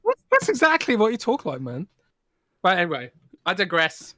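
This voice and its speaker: A man's voice: sits high, wildly swooping pitch, moderate pace, pushed and bright, no room sound, clean studio sound. A man with a British accent, co-hosting a podcast in casual, teasing chat. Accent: British English. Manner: playful, teasing. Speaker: podcast co-host.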